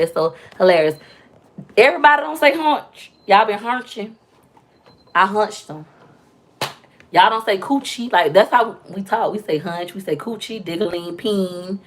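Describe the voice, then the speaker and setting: A young woman chatting loudly and talkatively with viewers on a casual live stream, telling stories with playful, animated quoted voices. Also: lowish voice. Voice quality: loud, talkative. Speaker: livestream host.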